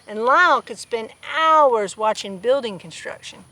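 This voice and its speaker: A woman's voice: on the high side, lively intonation, unhurried, bright, forceful tone, no room sound, rough recording. A woman reading a children's picture book aloud outdoors on a farm, with playful asides to her animals. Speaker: storybook reader.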